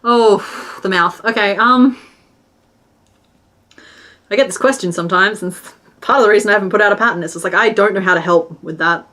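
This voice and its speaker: A woman's voice: medium pitch, brisk, long pauses, a bit bright. A woman streaming live as she crochets, talking casually and rambling between counts and restarts. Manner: chatty and rambling, with restarts and stitch counting half under her breath. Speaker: crochet streamer and pattern designer.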